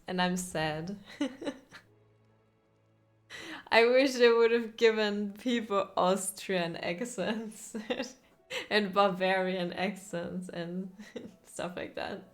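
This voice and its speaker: A woman's voice: mid-range voice, slow, long pauses, soft background music. A woman streaming a video game, chatting casually and playfully with her viewers and laughing often. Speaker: gaming streamer. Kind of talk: casual live-stream commentary over gameplay.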